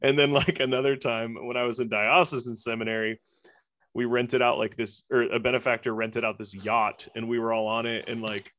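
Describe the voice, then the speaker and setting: A man's voice: medium pitch, level tone, a little fast, a bit bright. A man cohosting a podcast, joking and laughing a lot and swearing freely in casual chat.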